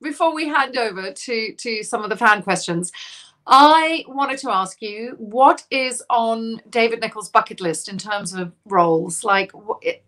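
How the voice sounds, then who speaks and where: A woman hosting a casual interview show, bubbly and quick to laugh as she reads out fan questions. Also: on the high side, a bit bright. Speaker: host.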